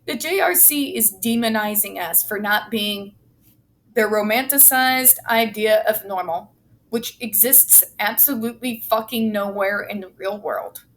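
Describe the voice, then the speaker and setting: A woman's voice: mid-range voice, unhurried, fairly bright tone, slight background noise. A woman giving angry, blunt commentary as she reads from a report, swearing heavily and sarcastic. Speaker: autistic advocate commentator.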